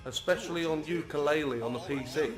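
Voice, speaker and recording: A man's voice: fairly high pitch, fast. A young man playing a game and chatting bluntly, swearing freely. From South London, England. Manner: blunt, swearing, matter-of-fact. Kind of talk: casual gaming chat. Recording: roomy room, loud game music.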